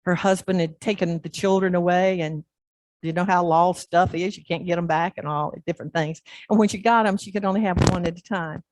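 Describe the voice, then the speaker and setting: A woman pastor delivers a sermon story in a lowish voice. She acts out each scene with lively animation, and the sound is close and dry with no room echo. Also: fairly quick. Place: church.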